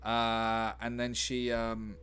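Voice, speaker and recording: A man's voice: medium pitch, completely flat delivery, slow, a bit bright, clear, resonant tone. A man chatting casually on a live stream while he writes a script, musing aloud. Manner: musing aloud, chatty, laughs at his own ideas.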